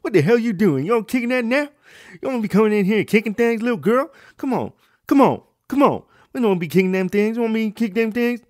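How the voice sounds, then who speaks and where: A man voicing a loud, obnoxious male store customer who scolds and repeats himself. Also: high voice, expressive, brisk, no echo, studio quality, pitched above the performer's own voice. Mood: loud scolding.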